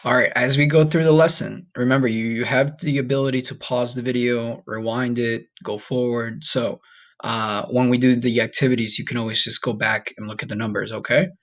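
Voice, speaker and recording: A man teaching a recorded online Spanish lesson, patient and encouraging, saying numbers slowly for students to repeat. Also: medium pitch, steady tone, fairly bright tone. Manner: patient, repeats okay and all right often.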